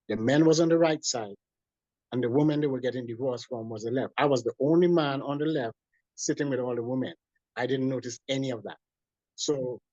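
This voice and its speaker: A man's voice: medium pitch, dry recording. Man telling a story, dull dry recording. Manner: animated storyteller with repeated restarts. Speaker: guest. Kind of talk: personal storytelling in an interview.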